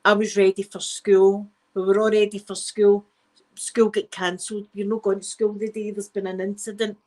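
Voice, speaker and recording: A woman's voice: mid-range voice, little pitch movement, normal speed, a little mellow, low-quality recording. A middle-aged Scottish woman spins a rambling, digressive yarn for her live stream. She talks frankly and swears without a second thought. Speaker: channel host. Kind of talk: casual storytelling on a live stream.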